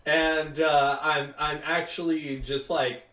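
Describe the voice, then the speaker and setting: Young guy w a high voice telling a story on a podcast, swears a lot, echoey room. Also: takes it slowly. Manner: rambling, profane, animated retelling with quoted voices. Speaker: podcast co-host. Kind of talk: casual storytelling chat. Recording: roomy, far from mic.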